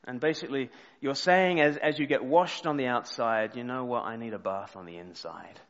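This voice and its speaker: Male preacher, animated storyteller, hushed at solemn moments, dull reverberant church sound. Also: mid-range voice, moderate pace. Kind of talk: sermon.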